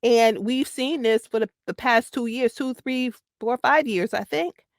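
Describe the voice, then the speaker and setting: A woman's voice: on the high side, unhurried, no room sound, clean studio sound. A woman guest giving casual, emphatic commentary on a talk show. She repeats her points for stress and laughs easily. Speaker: podcast guest.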